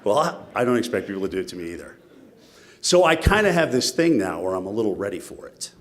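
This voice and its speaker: A man giving a keynote speech, telling stories in an animated, self-mocking way. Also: fairly low pitch, fast. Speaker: keynote speaker.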